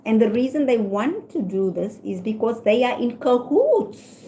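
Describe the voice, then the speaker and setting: A woman's voice: a little high, darkish tone, slight background noise, low-quality recording. Candid woman livestreaming. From South Africa. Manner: candid, emphatic, talks through her reasoning. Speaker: livestream host. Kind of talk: opinionated casual livestream chat. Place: at home.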